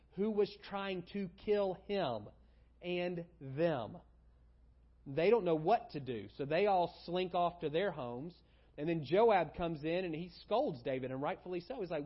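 A man's voice: medium pitch, dull audio. A man preaching as a pastor, reading scripture aloud and then explaining it in a conversational way. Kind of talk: sermon.

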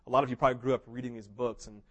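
A man preaching a sermon, telling a story with big swings between loud, excited passages and hushed ones, sometimes acting out what characters say. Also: mid-range voice, racing. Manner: mimics characters in quoted asides. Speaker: pastor.

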